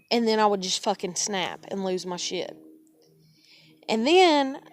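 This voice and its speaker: A woman venting at length in a casual video monologue, angry and swearing freely. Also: a little high. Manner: angry, profane ranting. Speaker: vlogger. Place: living room at home.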